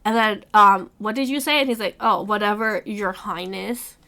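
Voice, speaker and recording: A woman hosting a casual book club chat, recapping the plot in animated retellings full of quoted lines and swearing. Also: mid-range voice, moderate pace.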